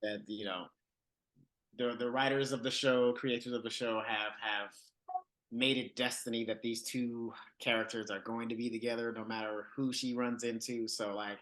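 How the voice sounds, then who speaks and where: A man's voice: mid-range voice, little pitch movement, moderate pace, a bit bright, low-quality recording. A man co-hosting a podcast, talking casually and joking with loose swearing. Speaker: podcast co-host. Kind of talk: casual chat about a TV show.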